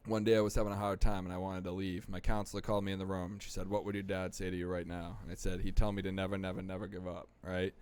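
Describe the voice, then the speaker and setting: Low-voiced New man telling his story. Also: quick pace, few pauses, clear, resonant tone. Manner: animated, acts out quoted voices. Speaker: podcast guest. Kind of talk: casual storytelling about recovery.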